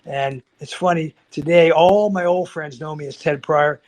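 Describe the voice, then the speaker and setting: An older man in his sixties, guest on an interview, spins his stories with energy. His voice sits a little high for a man, and he acts out the voices of the people in them, stumbling over restarts as he goes. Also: moderate pace, rough recording. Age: 60s. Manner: animated storyteller, acts out quoted voices, many restarts. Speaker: guest, martial arts grandmaster. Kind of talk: casual storytelling interview.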